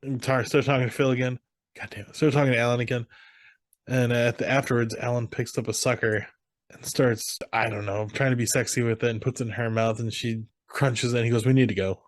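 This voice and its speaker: A podcast co-host casually recaps movie scenes, quoting the characters' lines in a mid-range voice. He talks fairly quickly with fairly even intonation, and the clean studio recording has no room sound.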